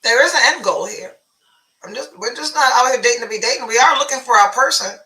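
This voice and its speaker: A confident woman in her fifties talking through dating advice in a matter-of-fact way. Her voice is bright and sharp. She sits a little back from the microphone. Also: on the high side, fast talker, recorded from a distance, poor audio. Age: 50s. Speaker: relationship guru and talk show guest. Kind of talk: casual chat.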